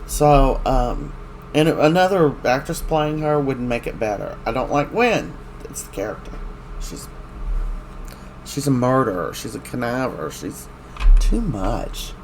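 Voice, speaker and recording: A man's voice: mid-range voice, very animated, unhurried, creaky, a little hiss or hum. A man recapping a soap opera in casual chat, rambling and opinionated as he retells scenes.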